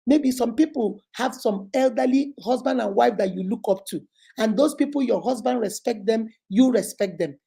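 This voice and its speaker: Gravelly Nigerian woman giving earnest advice. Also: on the high side, moderate pace, mellow. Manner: earnest and emphatic, lapses into Igbo phrases. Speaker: relationship advice host. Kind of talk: motivational advice talk.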